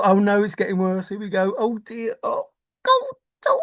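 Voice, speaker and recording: Woman, solo vlog rant, slow and very animated, exclaiming, melodramatic. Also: fairly high pitch. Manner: theatrical, exclaiming, mock-despairing, repetitive. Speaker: treasure hunt video maker. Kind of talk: excited solo monologue.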